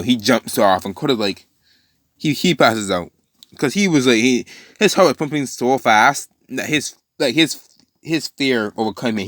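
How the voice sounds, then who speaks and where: A man's voice: mid-range voice, no room sound, studio quality. A man casually retelling a fan story, rambling with many fillers and restarts.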